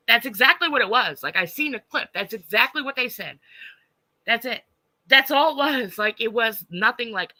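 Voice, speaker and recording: A woman's voice: on the high side, lively intonation, moderate pace, bright, forceful tone, no echo, low-quality recording. A woman ranting on a livestream, blunt and profane, stopping to answer chat. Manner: blunt and profane, heated, reads chat aloud. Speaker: livestreamer reacting to online drama.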